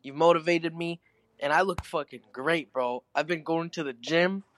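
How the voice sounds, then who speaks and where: A man's voice: on the high side, moderate pace, fairly bright tone, dry recording. A man calling in to a show, thanking the host in an enthusiastic, grateful, swear-filled way. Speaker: caller. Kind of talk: casual call-in message.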